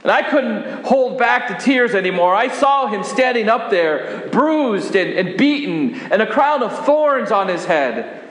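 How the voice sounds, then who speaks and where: A man's voice: sits high, very animated, a bit bright, heavily acted. A man voicing Mary, grieving disciple, echoey church. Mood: sorrowful. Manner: halting, emotional, tearful storytelling. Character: grieving woman disciple Mary, devoted and fearful. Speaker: pastor. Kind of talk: first-person dramatic sermon monologue. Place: church sanctuary. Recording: echoey church hall, long reverb.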